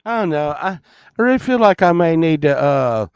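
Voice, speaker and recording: A man's voice: a little high, sing-song, moderate pace, clean tone, no echo. A man hosting his own channel, talking casually to viewers in a rambling, crude, joking way. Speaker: channel host.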